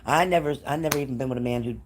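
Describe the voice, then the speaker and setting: Man, psychic reader, live stream, emotional, addresses viewers by name, middle pitch. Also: very fast, slight background noise. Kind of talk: live-stream spirit reading.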